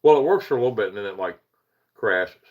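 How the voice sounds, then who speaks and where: A man from the Eastern United States hosts a casual paranormal livestream, talking fast in a low voice with lively intonation over dull audio. He rambles, pokes fun at himself, chuckles often, and greets viewers by name.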